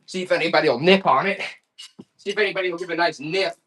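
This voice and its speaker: A man hosting a live online auction, selling items with hyped-up, excitable patter and loud exclamations. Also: a little high, fast talker.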